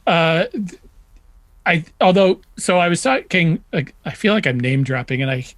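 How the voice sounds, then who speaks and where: High-voiced man in dry close sound. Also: expressive, fairly bright tone, no echo. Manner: halting starts, quick back-channel agreement. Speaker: music journalist guest. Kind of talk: casual chat.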